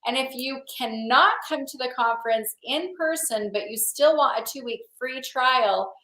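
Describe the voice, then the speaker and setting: A woman's voice: high voice, moderate pace, bright, forceful tone, echoey room, poor audio. A woman hosting a video call, chatting casually and with enthusiasm. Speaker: host.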